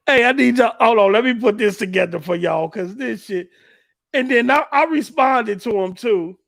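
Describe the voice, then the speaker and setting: A man's voice: extremely high pitch, lively intonation, moderate pace, gravelly, a bit bright, dry recording. A man hosting a casual gaming livestream, talking loosely and with plenty of profanity while he sets up clips. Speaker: livestream host.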